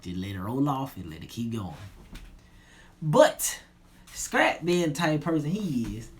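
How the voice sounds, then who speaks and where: A young man telling a personal story in a relaxed, slangy way, often trailing off low and quiet. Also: measured pace. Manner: laid-back slangy retelling, drops low and quiet at line ends. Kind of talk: casual storytelling.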